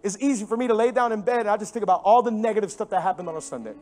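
A man preaching a sermon as a pastor into a microphone in a church, animated and emphatic, swinging between loud stresses and hushed, soft passages. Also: high voice, racing. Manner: animated storytelling with sudden drops to hushed tones.

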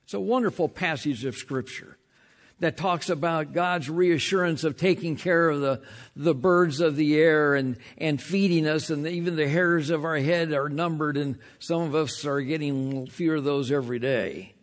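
A pastor preaches a sermon emphatically, often slowing down and dropping to a hush on key lines. He restarts frequently, repeating words, and his voice is a little high.

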